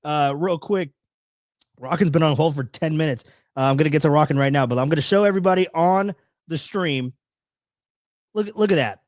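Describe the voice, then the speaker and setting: Male stream host, fairly high voice, rambling and animated, swears, dry close sound. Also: no room sound. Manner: rambling, animated, swears freely, many restarts. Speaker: podcast host. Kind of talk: casual live-stream chat.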